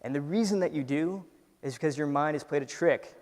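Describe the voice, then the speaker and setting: A man's voice: fairly high pitch, brisk. Storytelling man on stage, hall reverb. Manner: animated storyteller, acts out his inner voice, frequent "right?". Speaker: entrepreneur giving a talk. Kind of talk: conversational keynote talk.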